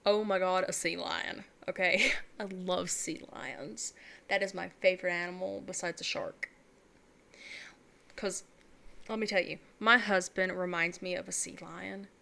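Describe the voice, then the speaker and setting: A woman's voice: lowish voice, steady tone, measured pace, vocal fry, bright, forceful tone. A young adult woman vlogging alone in casual, rambling, candid chat, laughing often and calling herself weird.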